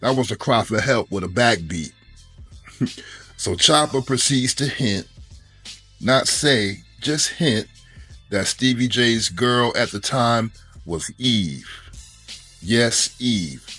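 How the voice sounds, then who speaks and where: A man's voice: medium pitch, lively intonation, takes it slowly, pauses often, fairly bright tone, breathy edge, soft background music. A man giving sarcastic commentary, delivering a mocking roast full of punchlines.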